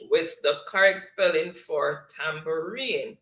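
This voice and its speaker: A man's voice: a little high, unhurried, a bit bright, echoey room. A man with a Jamaican accent co-hosting a live stream, reading viewer comments aloud with frequent laughs. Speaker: live show co-host reading chat. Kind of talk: casual live-stream chat.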